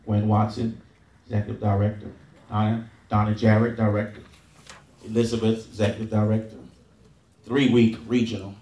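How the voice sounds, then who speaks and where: A man trains a sales-event audience in a low, monotone, mellow voice at normal speed with long pauses. He drills the crowd repetitively with chants and okays. The large hall echoes, and the mic sits at a distance.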